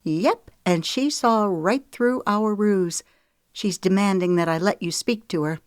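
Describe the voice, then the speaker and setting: A woman's voice: mid-range voice, a little slow, clean tone, no echo, clean studio sound, pitched above the performer's own voice, lightly acted. A woman voicing a young female singer who speaks plainly and steadily. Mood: brisk.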